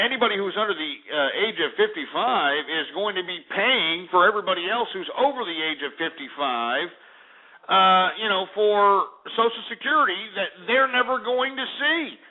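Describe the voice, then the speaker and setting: Angry ranting talk-radio host. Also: male voice, high voice. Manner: angry, ranting, insulting callers. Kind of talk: call-in talk radio rant. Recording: lo-fi phone-like radio archive.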